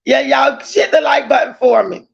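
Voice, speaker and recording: A woman hosting a casual livestream, effusively greeting viewers by name and often calling out loudly, with the odd cough. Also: sits high, moderate pace, gravelly. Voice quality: coughs between lines. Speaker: livestream host. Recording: dull lo-fi stream audio.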